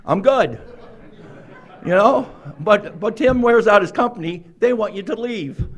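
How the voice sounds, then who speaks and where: A man's voice: high voice, animated, unhurried. A man speaking at a recovery meeting, telling his own story with wry, self-mocking humor and frequent laughs, in a meeting room.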